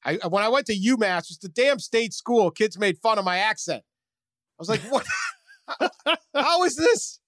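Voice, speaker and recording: A man's voice: high voice, moderate pace, a bit bright, no room sound, studio quality. Stammering Boston man on a sports podcast. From Massachusetts. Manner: stammering, self-deprecating, jokey. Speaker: podcast host. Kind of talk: casual sports chat.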